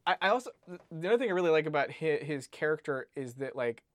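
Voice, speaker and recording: A man with a fairly high voice talks in a loose, rambling way, restarting sentences and tossing in casual swears. The sound is close and dry, with no room behind him. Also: very animated, fast talker, no room sound. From United States. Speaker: podcast co-host discussing a book. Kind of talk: casual chat.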